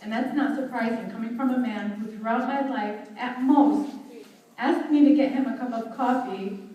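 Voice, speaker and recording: A young woman delivering a heartfelt, measured eulogy at a memorial service, recorded from a distance in a large hall. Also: fairly high pitch, warm tone, highs cut off. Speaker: daughter giving a eulogy. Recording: very echoey hall, voice from far off.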